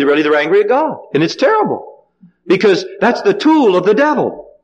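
Male pastor, high-pitched, delivers a verse-by-verse sermon with call-and-response questions, slightly dull lo-fi sound. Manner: dramatic swings in pitch and pace.

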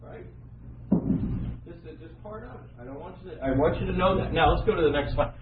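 A middle-aged man preaching a sermon, telling the story with animated voices for the people in it. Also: on the high side, fairly quick, noisy background. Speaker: pastor. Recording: dull echoey recording in a large room.

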